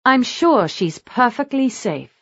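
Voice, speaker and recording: A woman narrator voicing a gentle young woman who speaks soothingly. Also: on the high side, very animated, takes it slowly, husky, no echo, dull audio, voice pushed up, heavily acted.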